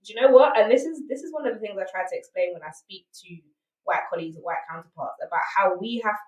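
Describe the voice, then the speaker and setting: This podcast guest, a woman with a South London accent, recounts her story with candor and emphasis, tossing in rhetorical asides like "right?". She talks fast at a medium pitch. The mic is distant, the room echoey and the recording low quality.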